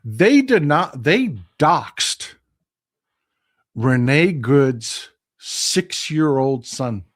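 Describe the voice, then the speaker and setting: Texan man, live stream host, impassioned political talk, mid-pitched voice, loud then hushed. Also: sing-song, very slow. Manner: impassioned, swings from loud outrage to quiet hushed replies. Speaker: live stream host reading viewer comments.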